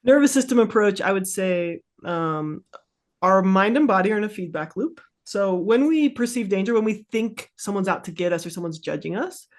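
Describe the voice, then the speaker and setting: A woman's voice: mid-range voice, lively intonation, normal speed. A woman therapist being interviewed, explaining in a chatty, casual way with plenty of fillers and easy laughs. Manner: chatty, lots of "like", laughs easily. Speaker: therapist guest.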